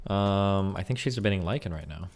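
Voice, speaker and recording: Low-voiced man rambling in casual chat. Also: expressive, brisk, a little hiss or hum. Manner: rambling, speculative, loose. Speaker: stream co-host.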